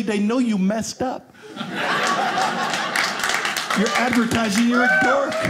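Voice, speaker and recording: A man performing a stand-up comedy set on a club stage with a punchy, animated delivery, acting out bits of dialogue into a handheld mic over loud audience laughter. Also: high-pitched, noisy background.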